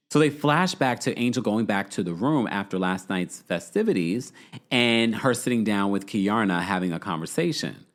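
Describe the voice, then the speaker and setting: A man chats casually through a reality TV recap, his voice swooping high and low. He is playful and keeps putting on little voices for the people he quotes. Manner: animated, playful, mimics quotes with pitch jumps. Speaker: podcast host recapping reality TV. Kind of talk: casual chat.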